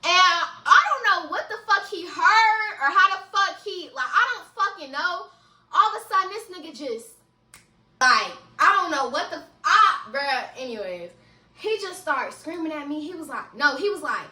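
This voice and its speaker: A young woman telling a casual story-time vlog, animated and laughing often, with frequent swearing, recorded in an echoey room a little away from the mic. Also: high-pitched, moderate pace, recorded from a distance. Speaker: vlogger.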